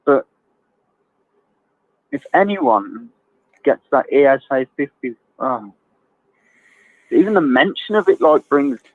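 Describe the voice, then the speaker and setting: A man's voice: medium pitch, sing-song, slow pace, long pauses, no room sound. Blunt man calling in on a tinny phone line. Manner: blunt, laughs often, swears habitually. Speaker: caller. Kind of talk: casual chat on a phone line.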